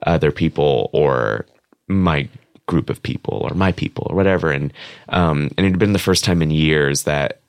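A man's voice: rumbling low, moderate pace, smooth, no room sound. A man guest on an interview show, chatting candidly and casually with lots of filler words. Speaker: guest, comic book writer.

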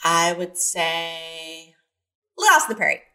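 A woman from San Diego, a guest on a podcast, lively and playful, thinking aloud as she answers. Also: fairly low pitch, a little slow. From San Diego, USA. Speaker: guest, television executive. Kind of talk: casual interview chat.

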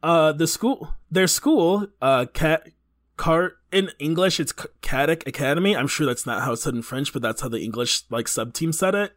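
Rambling man with a lively voice. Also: on the high side, moderate pace. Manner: rambling, filler-heavy, goes off on tangents. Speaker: podcast guest. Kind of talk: casual chat.

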